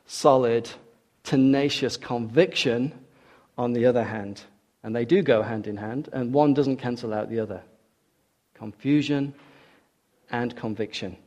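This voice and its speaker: A man's voice: mid-range voice, warm tone. Earnest man preaching a sermon. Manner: earnest, emphatic, repeats key words for stress.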